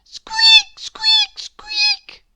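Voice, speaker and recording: A woman voicing a tiny, frantic young male mouse in a storybook, squeaking in a very high voice with an anxious, urgent manner. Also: completely flat delivery, extremely slow, heavy background noise, exaggerated voice. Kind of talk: storybook read-aloud.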